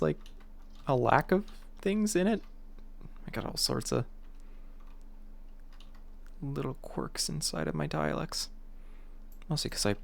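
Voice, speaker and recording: Guy streaming a game, rambly and jokey, mid pitch, bit of fry. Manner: rambling, playful, self-mocking. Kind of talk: casual gameplay chat.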